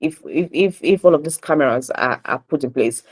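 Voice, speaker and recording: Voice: medium pitch, lively intonation, a little fast, husky, rough recording. A radio host with a Nigerian accent, reading and discussing newspaper headlines on a morning show with frequent fillers and self-corrections. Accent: Nigerian English.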